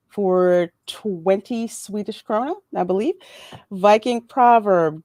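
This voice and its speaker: Woman, podcast host, slow and very expressive, dry close sound. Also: medium pitch, vocal fry, dry recording. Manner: expressive, reads donations. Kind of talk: casual chat.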